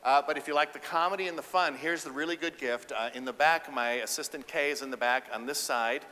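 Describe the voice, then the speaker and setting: A man giving an animated, humorous keynote speech about relationships on a conference stage. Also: mid-range voice, brisk. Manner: animated, acts out voices, audience banter. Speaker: keynote speaker and relationship counselor. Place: conference stage before a live audience. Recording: echoey conference hall.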